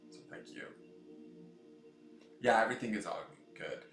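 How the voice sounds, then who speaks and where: Low-voiced guy chatting on his tarot stream, reading out viewer comments, echoey room with a little music behind. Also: normal speed, vocal fry, a bit bright. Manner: coos in a high baby voice to his new cat. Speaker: tarot reader hosting a live stream. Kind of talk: casual live-stream chat.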